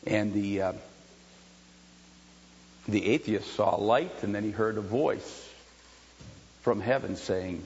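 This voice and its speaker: A man's voice: slow, long pauses, breathy edge. Man preaching in an echoing hall. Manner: swings from low, quiet storytelling to loud shouted preaching. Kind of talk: sermon. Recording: dull lo-fi sound with long hall reverb.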